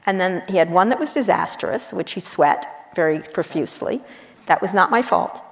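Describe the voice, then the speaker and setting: A middle-aged woman journalist chatting casually on stage, blunt and wry, telling quick animated stories with asides. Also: on the low side, vocal fry. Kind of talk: casual onstage conversation. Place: large university auditorium. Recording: long auditorium reverb.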